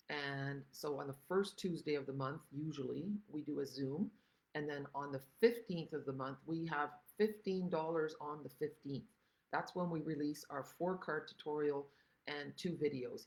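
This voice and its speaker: A woman's voice: low-pitched, gravelly, low-quality recording. An older woman chatting casually through a livestream craft tutorial, rambling and greeting viewers by name. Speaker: stamping craft demonstrator.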